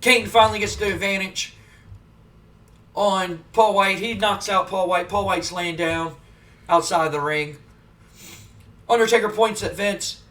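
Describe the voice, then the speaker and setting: A man giving relaxed, chatty play-by-play of a wrestling simulation game as the host. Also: high voice, measured pace, pauses often, far from the mic. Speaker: gaming video host. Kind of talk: casual play-by-play commentary of a wrestling sim.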